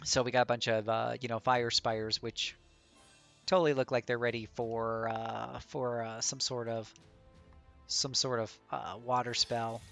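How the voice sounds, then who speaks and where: A man's voice: mid-range voice, little pitch movement, a little slow, vocal fry, fairly bright tone, faint music behind. A man streaming a game live, chatting and joking in a rambling way with many restarts. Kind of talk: live gameplay commentary.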